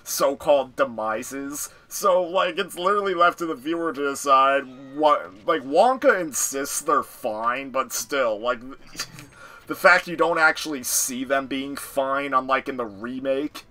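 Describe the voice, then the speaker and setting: A young man chatting casually with a friend, animated and excitable. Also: medium pitch, unhurried. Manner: animated, excitable, yells for effect. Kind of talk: casual chat.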